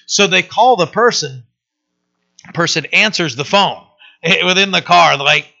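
A man's voice: sits high, unhurried, vocal fry, pushed and bright. A man teaching a Bible passage in a casual, conversational way, often checking in with "right?". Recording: dull lo-fi sermon recording.

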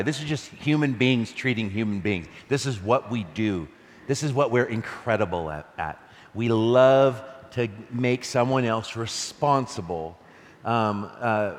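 A male pastor preaching a conversational, animated sermon, reading scripture and laughing between points. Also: fairly low pitch, long reverb tail.

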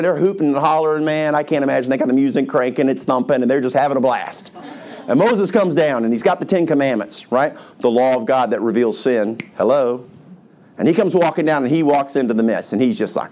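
A pastor preaching a sermon to his congregation, who tells the story in a lively, casual way and acts out the characters' voices. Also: on the high side, moderate pace. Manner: animated, colloquial storytelling with acted-out voices.

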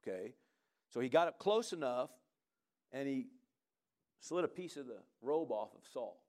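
A man preaching a sermon in a lively, conversational way, often asking the congregation "right?" and urging them on. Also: mid-range voice, normal speed. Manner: animated, conversational preaching with frequent "come on" and "right?". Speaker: pastor.

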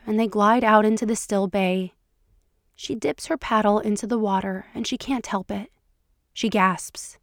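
A woman podcast host reading fan fiction aloud in a soft, intimate storytelling voice. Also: medium pitch, no echo, clean studio sound. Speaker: podcast narrator.

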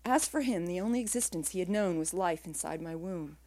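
A woman writer reading her own literary prose aloud in a quiet, measured way, her phrases trailing off softly. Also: on the low side.

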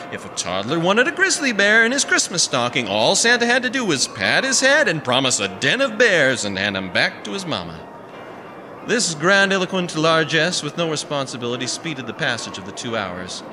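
A man reading a story aloud in a wry, measured narrating manner. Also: fairly high pitch. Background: music.

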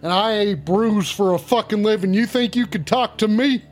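His voice sits high and is close to an everyday voice, moving at a moderate pace over soft background music. The man streams in character as a foul-mouthed, brash male wrestler, trash-talking with gruff shouting, heavy profanity, and repeated insults.

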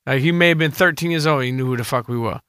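A man's voice: mid-range voice, fast, bright, forceful tone, clear, resonant tone, no echo, studio quality. A man hosting a podcast interview, telling loose stories full of slang and profanity. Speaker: podcast host. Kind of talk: casual interview chat.

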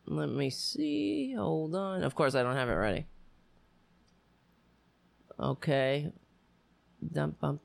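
A woman's voice: low voice, gravelly, no room sound. A woman hosting political commentary, indignant and sarcastic, stumbling over restarts as she rants.

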